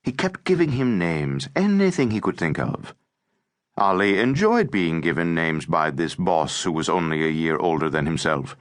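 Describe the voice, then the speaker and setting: A man reading an audiobook in a measured, expressive scripted narration. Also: sits low.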